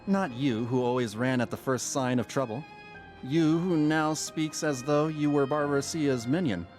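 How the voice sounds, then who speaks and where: A man voicing a calm, sharp-witted young woman, speaking in a measured, questioning way. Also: medium pitch, faint music behind, close to an everyday voice. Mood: scornful.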